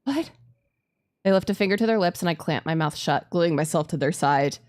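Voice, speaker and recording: A woman streamer reading a visual novel aloud and reacting with giggly, expressive commentary. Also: sits low, fast.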